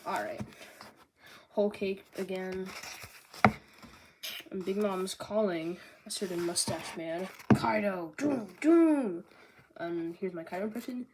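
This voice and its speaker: A woman's voice: on the low side, steady tone, a little slow, long pauses. A young woman reviewing a manga volume in casual chat, bubbly and full of fillers and jokey asides. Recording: noisy home recording.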